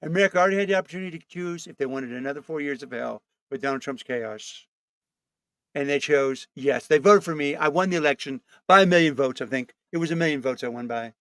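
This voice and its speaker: A man's voice: on the high side, fast, fairly bright tone, no echo, lightly acted. A male comedian putting on a boastful, rambling older politician for a comic impression, bragging and complaining in a self-pitying way. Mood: bombastic.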